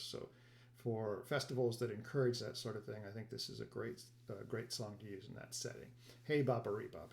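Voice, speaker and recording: A man hosting a ukulele play-along, explaining each song in a soft, casual way with quick bursts and fillers. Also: medium pitch, gravelly. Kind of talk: casual instruction between songs.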